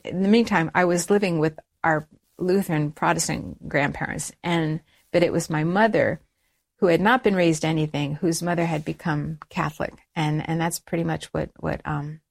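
A middle-aged woman telling a personal story as an interview guest, lively, raising her voice when she quotes people. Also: sits low, moderate pace, creaky. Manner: animated storytelling, acts out quoted dialogue in a raised voice. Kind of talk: personal conversion story in conversation.

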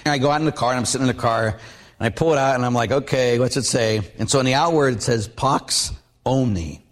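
A middle-aged man preaching as a Catholic priest, mixing plain talk with stories. His delivery is animated, and he acts out quoted lines with sudden big jumps in pitch. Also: racing. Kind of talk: storytelling sermon.

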